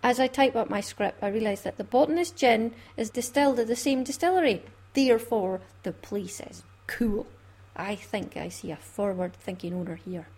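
A woman's voice: on the high side, moderate pace, darkish tone, breathy edge. A Scottish woman hosting a craft podcast in a chatty, laughing way. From Scotland. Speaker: podcast host. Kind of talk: casual chat.

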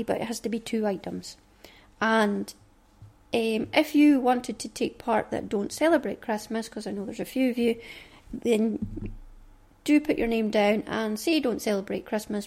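A woman's voice: mid-range voice, a little mellow. Chatty Scottish woman podcaster. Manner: chatty, rambling, asides under her breath. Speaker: podcast host. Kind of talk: casual chat.

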